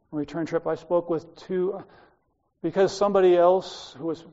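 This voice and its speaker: A man's voice: a little high, dark tone, dull audio. An older man with an Australian accent, preaching a sermon in a conversational storytelling way, with wandering asides. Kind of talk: sermon with personal stories.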